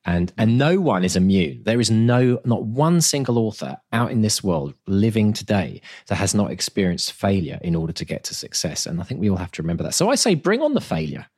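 A man's voice: lowish voice, animated, brisk, hardly any pauses, darkish tone, husky. A man co-hosting a casual podcast chat, enthusiastic and prone to restarting his sentences. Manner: enthusiastic, repeats words when starting. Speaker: podcast co-host.

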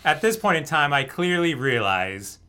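Animated man telling a story. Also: on the high side, moderate pace, clean tone. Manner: animated storyteller who laughs often. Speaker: guest telling a dating story. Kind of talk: casual anecdote.

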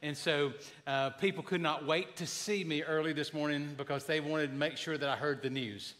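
Male pastor, 50s, folksy humorous storyteller with a bright, slightly high voice. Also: fairly even intonation, normal speed. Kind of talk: sermon.

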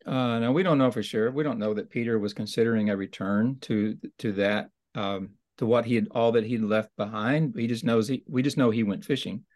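Man, mid-pitched, dry close sound, talks through a Bible passage thoughtfully, explanatory teaching tone. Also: fairly quick, few pauses, a little mellow, dry recording. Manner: thoughtful, explanatory, with frequent restarts. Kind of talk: conversational Bible study discussion.

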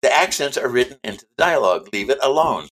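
A man's voice: medium pitch, very animated, fast, fairly bright tone. Chatty man repeating his points. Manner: chatty, emphatic, repeats himself. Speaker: author guest. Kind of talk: casual interview chat.

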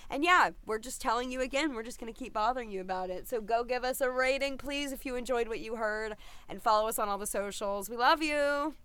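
A woman's voice: fairly high pitch, a little fast, fairly bright tone, smooth, no room sound. A young adult woman co-hosting a podcast in casual chat, talking with lots of "like" fillers. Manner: chatty, filler-heavy with frequent "like". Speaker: podcast co-host.

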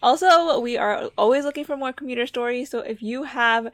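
Female podcast host, chatty with frequent laughs, slightly high voice, dead-dry recording. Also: a little fast, a bit bright, no echo. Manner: chatty, laughs often, runs the segments. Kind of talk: casual chat.

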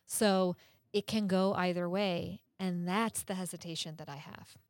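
A woman's voice: lowish voice, steady tone, a little slow, no room sound, studio quality. A woman co-hosting a podcast, explaining things earnestly in casual chat, laughing often and cursing now and then. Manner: curses casually.

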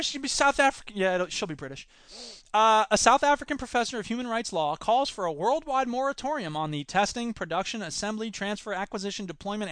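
A man hosts a solo podcast, reading news stories and breaking off into sarcastic, rambling asides. His voice sits high for a man. The recording is dry and close, with no room sound. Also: fairly bright tone, dry recording. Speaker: podcast host.

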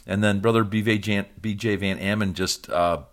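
A man with a fairly low voice hosts a podcast as a pastor. He chats casually, jokes and laughs easily. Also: fairly even intonation, moderate pace, fairly bright tone. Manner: chatty, joking, laughs often. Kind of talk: casual chat.

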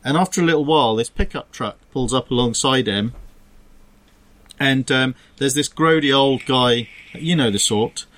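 A man's voice: medium pitch, normal speed, a bit bright. A man, co-hosting a podcast and telling a long joke in a rambling way, breaking off and restarting often. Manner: rambling, self-interrupting storyteller with stray laughs. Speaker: podcast co-host. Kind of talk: casual chat, joke telling.

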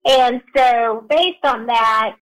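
A woman with a high, bright-sounding voice co-hosts a business podcast. She talks in a loose, chatty way and teases her partner playfully. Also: drawn-out words, low-quality recording. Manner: playful, bantering. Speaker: podcast co-host. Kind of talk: casual chat.

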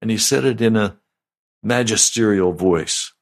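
An older man, a pastor, giving a slow, deliberate, conversational sermon. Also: fairly low pitch.

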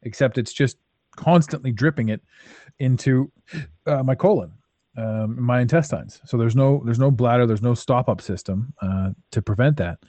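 A man's voice: medium pitch, moderate pace, warm tone, no room sound. A man hosting a podcast in casual chat, talking bluntly and emphatically and swearing freely. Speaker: podcast host.

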